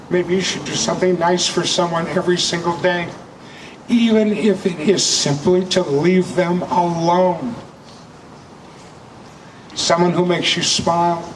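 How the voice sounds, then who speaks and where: A man recites a reflective text in a slow, measured, solemn way. His voice sits a bit high. It comes from far off the mic, with clear room noise behind it. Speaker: memorial speaker. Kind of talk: reading a reflective piece. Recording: distant mic, noisy room.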